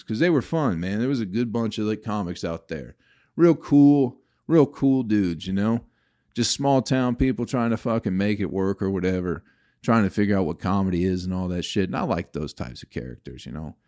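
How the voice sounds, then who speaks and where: A man's voice: on the low side, expressive, moderate pace, warm tone. A male comedian telling a rambling, profane story in a casual podcast, growing exasperated as he talks.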